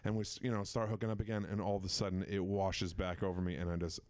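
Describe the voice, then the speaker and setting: A man's voice: low voice, level tone, quick pace, darkish tone, no room sound. A man telling a crude story on a comedy podcast, rambling and laughing at himself. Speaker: comedian guest. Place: festival recording room.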